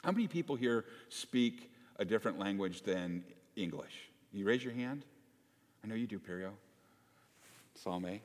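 A man's voice: on the low side, a little slow. Man preaching in a reverberant church. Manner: conversational, animated, asks the congregation questions. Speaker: pastor. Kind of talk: sermon. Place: church sanctuary.

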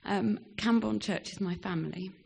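A woman's voice: medium pitch, moderate pace, creaky, darkish tone, slight background noise. A young woman giving a hesitant farewell speech in church, with frequent ums, and reading scripture. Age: young adult. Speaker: departing church member.

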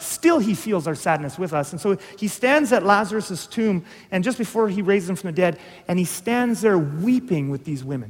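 Male preacher, high register, casual teaching sermon with big dynamic swings, recorded in a reverberant hall. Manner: conversational, swings from hushed to emphatic.

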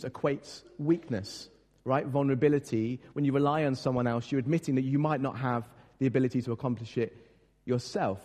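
A man's voice: medium pitch, warm tone. A man preaching a sermon as pastor, conversational and self-deprecating, with frequent fillers and repeated words. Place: church. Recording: long church reverb.

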